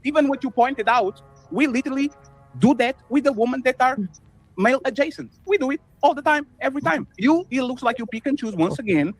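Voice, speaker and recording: A man with a high, quick voice argues his point hard on an online panel, pressing in and talking over the others. English is not his first language, and faint music plays underneath. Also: animated, rough recording. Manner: argumentative, talks over others. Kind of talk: heated online panel debate.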